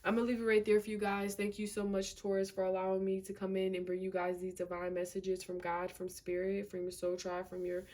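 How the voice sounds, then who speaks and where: A woman's voice: medium pitch, monotone, fairly quick, few pauses, dark tone. A woman giving a casual tarot reading to camera, emphatic and slangy, repeating herself and filling with "you know" and "like". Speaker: tarot reader.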